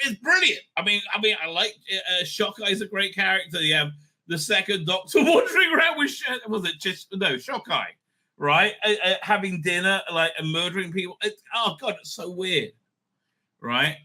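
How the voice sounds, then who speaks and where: A middle-aged man rambles through a casual review in a high, sharply bright voice. His pitch leaps all over the place as he swears bluntly and laughs between thoughts. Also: normal speed. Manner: excitable, profane and blunt, laughing often, trailing off mid-thought. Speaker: show host reviewing TV episodes.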